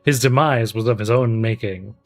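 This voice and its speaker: A man's voice: on the low side, normal speed, natural voice. Man reading grave archaic villain lines in a mock-grand tone for a game stream, faint music underneath. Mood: solemn. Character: solemn ancient male villains from a fantasy game.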